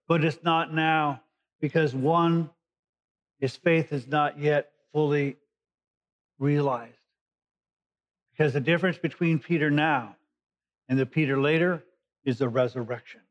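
Captured in a dull lo-fi recording, this sermon comes from a man with a fairly high voice, fairly even intonation, and a slightly slow delivery full of long pauses. He paraphrases scripture in everyday terms, teaching the Bible conversationally.

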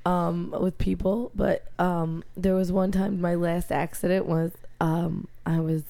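A woman's voice: fairly low pitch, flat delivery, measured pace, vocal fry, dark tone, no room sound. A woman podcast guest who works as a bartender, telling a story in casual comedic chat, laughing often.

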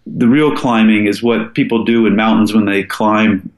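A low-voiced older man from Alaska who tells an adventure story as a podcast guest. He is earnest and often stops to restart his sentences. The room around him sounds echoey. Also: steady tone, normal speed. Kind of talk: casual storytelling interview.

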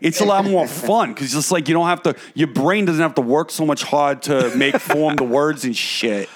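Brief: young male podcast co-host, a little higher-pitched than most men, swears freely and jokes loosely. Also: moderate pace, slight background noise. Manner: profane, jokey, slips into mocking accents. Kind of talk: casual podcast banter.

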